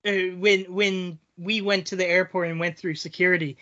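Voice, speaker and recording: A man's voice: high-pitched, little pitch movement, normal speed, bright, forceful tone. A man in a casual podcast chat, speaking hesitantly and repeating words as he starts, recorded in dull lo-fi audio. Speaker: podcast co-host.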